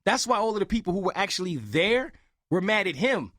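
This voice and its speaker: A young man telling a story on a casual podcast, animated and acting out the other people's lines. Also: high-pitched, a little fast, no echo, studio quality. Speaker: podcast host.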